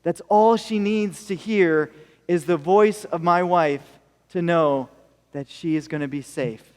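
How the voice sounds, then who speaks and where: High-voiced American pastor in reverberant hall. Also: male voice, a little slow, clear, resonant tone. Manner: storytelling, jokey asides. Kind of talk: sermon. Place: church hall.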